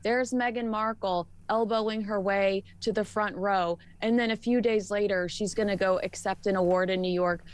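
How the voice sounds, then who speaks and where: A woman's voice: medium pitch, fairly even intonation, normal speed, few pauses, clean tone. Woman, texas accent, opinionated guest commentary, emphatic, indignant. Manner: emphatic, indignant, rhetorical questions.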